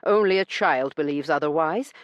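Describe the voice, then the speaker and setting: A woman voicing a stern, blunt gentleman who lectures with dry sarcasm in an audiobook. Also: low voice, moderate pace, no room sound, highs cut off, close to an everyday voice. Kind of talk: audiobook character reading.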